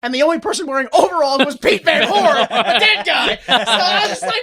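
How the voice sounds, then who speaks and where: Woman, podcast co-host, lively swooping pitch, bright tone, animated storytelling. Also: fairly quick, hardly any pauses. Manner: animated, acts out characters in loud exaggerated voices. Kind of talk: casual chat, recapping a TV episode.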